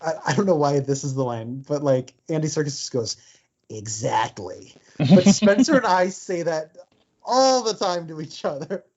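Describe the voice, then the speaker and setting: A man's voice: on the high side, moderate pace, a little mellow. Chatty man with fillers on a dull mic. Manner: chatty, quotes lines in silly voices, filler-heavy. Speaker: podcast co-host. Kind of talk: casual film discussion. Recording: dull lo-fi sound.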